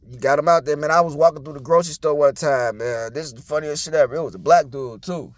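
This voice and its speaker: Blunt, profane man with a high voice. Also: quick pace, no echo. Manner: blunt, profane, preachy street talk. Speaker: commentator. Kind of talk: casual monologue.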